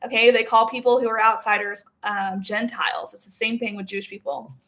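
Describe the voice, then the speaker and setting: A woman's voice: on the high side, level tone, a little fast, fairly bright tone. A woman in an emotional, heavily profane personal monologue as a spiritual self-help creator, talking in loose run-on sentences full of "like" and "okay?". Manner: blunt, heavily profane, emphatic.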